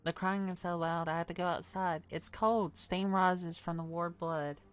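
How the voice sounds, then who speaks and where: A woman streamer reading a dark story game aloud in a plain storytelling voice, breaking off for wry asides. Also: lowish voice, fairly even intonation, normal speed, soft background music.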